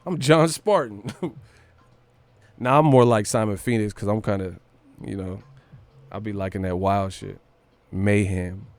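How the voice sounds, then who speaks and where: A man's voice: lowish voice, a little slow, pauses often, darkish tone, smooth. A man hosting a boxing livestream, talking in a brash, profane, boastful way with hype energy. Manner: breaks into brief celebrity impressions and laughs. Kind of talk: casual livestream rant.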